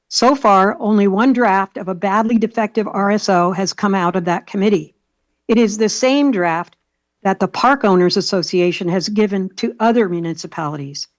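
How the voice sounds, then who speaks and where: A woman's voice: mid-range voice, a little mellow, no echo, dull audio. A woman giving public comment at a county board meeting, earnestly reading a prepared statement and pleading for action. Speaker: public commenter, homeowners league volunteer.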